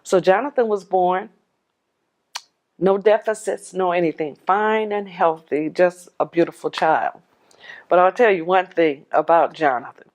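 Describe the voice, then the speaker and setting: Animated woman telling her own story. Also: lowish voice, unhurried. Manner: animated, hushes her voice when quoting others; laughs often. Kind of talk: personal testimony storytelling.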